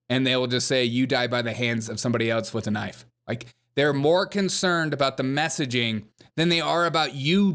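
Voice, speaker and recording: A man's voice: medium pitch, fairly bright tone, smooth. A man hosting a comedy news commentary show, talking sarcastically and mocking the people he discusses. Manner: sarcastic, mocking, puts on whiny quoted voices.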